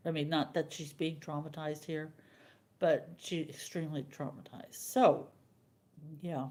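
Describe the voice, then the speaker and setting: An older woman hosting a live stream, chatting casually with viewers and telling a rambling, halting story. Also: lowish voice, a little mellow.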